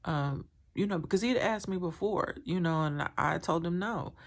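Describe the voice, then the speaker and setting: Speaking to camera at a normal speed, a woman with a fairly low voice recounts a painful, traumatic experience. She is candid and rambling, filling her speech with fillers, and her tone sounds strained and emotional.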